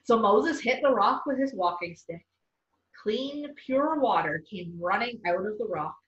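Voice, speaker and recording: Expressive woman reading a children's story. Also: mid-range voice, measured pace. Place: church. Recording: echoey room, far off, dull sound.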